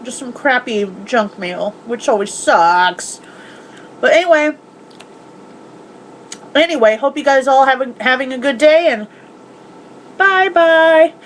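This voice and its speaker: A woman's voice: high voice, lively intonation, slow pace, pauses often, slight background noise, low-quality recording. A woman chatting casually in a home vlog, recapping movies, swearing freely and acting out the characters' lines. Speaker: vlogger.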